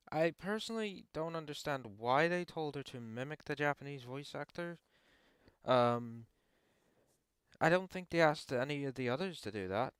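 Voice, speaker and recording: A young man hosting his own channel, answering viewer questions in casual opinion talk, pausing often with ums and restarting his sentences. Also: on the high side, fairly bright tone, clean tone, no echo. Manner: hesitant, frequent ums and restarts.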